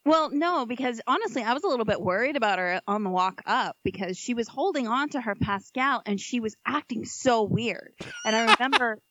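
A lively woman guest, higher voice. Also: brisk, few pauses, highs cut off, slight background noise. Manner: lively, laughing, expressive. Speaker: podcast guest. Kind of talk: casual chat.

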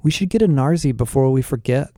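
A man's voice: medium pitch, expressive, fast, mellow, no echo, clean studio sound, lightly acted. A man voicing an airheaded teenage rich boy with a casual, dopey manner. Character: airheaded male teen rich kid.

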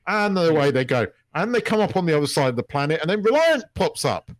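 A man co-hosting a casual podcast, talking in a loose, rambling way full of restarts and yeahs. His voice sits a little high, and the recording is dry and close to the mic. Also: very animated, fast, no echo. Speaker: podcast co-host. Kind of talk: casual chat.

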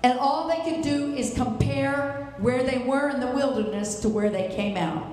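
A woman's voice: high voice, normal speed, a little mellow, heavy reverb, in a large hall, poor audio. A woman preaching to a congregation in an exhorting, preacherly manner. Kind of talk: sermon.

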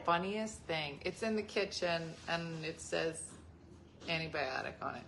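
Woman host, 40s, bright lively delivery, laughing storyteller, faint background noise. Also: low-pitched, a little slow. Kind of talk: casual storytelling chat.

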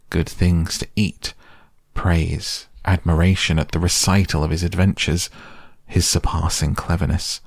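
Male storybook narrator: very low, gravelly, measured and expressive. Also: no room sound, studio quality.

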